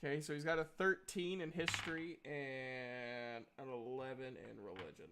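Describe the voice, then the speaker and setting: A man narrating a tabletop game as game master in a relaxed, chatty way. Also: medium pitch, moderate pace, noisy background.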